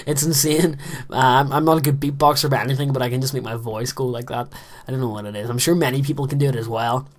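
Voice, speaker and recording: Hardly pausing, this late-teen gamer talks fairly quickly in a mid-range voice with fairly even intonation. He's a gaming commentator recording in a tiny closet room, giving rambling, self-mocking commentary as he plays in a casual style.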